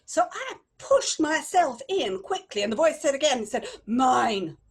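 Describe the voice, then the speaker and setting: A woman improvising a story live, telling it dramatically with long pauses. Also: sits high, very animated.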